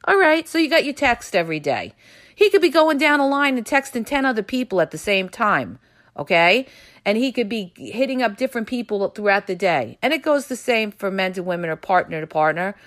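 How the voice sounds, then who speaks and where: A woman hosting a solo relationship advice podcast, talking directly to listeners and often checking in with "okay?". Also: medium pitch. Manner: direct, coaching tone with frequent "okay?" check-ins. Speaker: podcast host.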